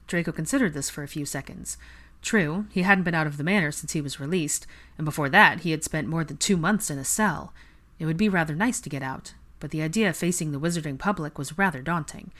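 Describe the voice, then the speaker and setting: Rich: A woman with a low voice reads a fan fiction audiobook aloud. Her narration is steady and even-paced, in plain storytelling fashion. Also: fast.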